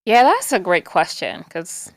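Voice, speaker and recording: A woman talking as a guest on a podcast, animated, laughing often and dropping in a French phrase. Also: on the low side, a little slow, dry recording, clean studio sound. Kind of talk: casual chat.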